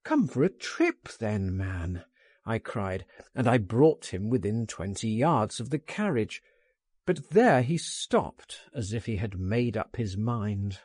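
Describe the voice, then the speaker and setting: Man, audiobook narration, measured delivery, dark husky voice, dry sound. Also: on the low side, lively intonation, no echo. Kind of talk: first-person audiobook narration.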